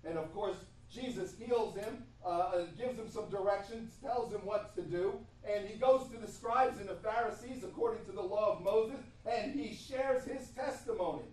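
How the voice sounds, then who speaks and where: Brief: male pastor, high voice, repeats key lines for emphasis, many "uh"s, heard from across a very echoey church hall. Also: normal speed, few pauses, a little mellow. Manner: repetitive, emphatic preaching with many hesitations. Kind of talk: sermon. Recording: echoey room from far off.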